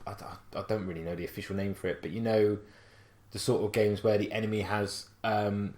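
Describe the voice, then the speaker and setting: Animated rambling West Country man, echoey room. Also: on the low side, brisk. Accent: West Country English. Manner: rambling, animated storytelling with many restarts. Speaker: podcast co-host. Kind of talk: casual chat.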